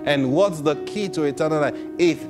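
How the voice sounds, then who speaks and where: A man preaching a sermon with lively energy. He laughs often, repeats "Praise God" and acts out voices in his stories. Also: on the high side, normal speed, music in the background.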